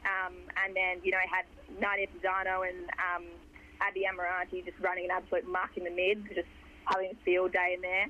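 A young Australian woman with a hoarse voice, a footballer chatting in a rambling way with lots of fillers during a phone interview. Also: on the low side, monotone, brisk, bright, forceful tone, a little hiss or hum. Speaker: footballer guest. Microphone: phone line. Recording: dull phone line.

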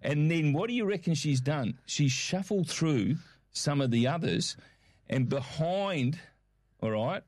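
A middle-aged Australian man in casual chat as co-host, telling stories with lively acted-out quotes. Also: on the high side, unhurried, dry recording, clean studio sound. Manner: animated storyteller, acts out quotes.

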